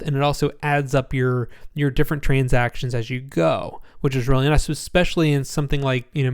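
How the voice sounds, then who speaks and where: A man giving a casual screen-share walkthrough of a spreadsheet template, sleepy and yawning, relaxed and rambling with many ums. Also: a little high, smooth.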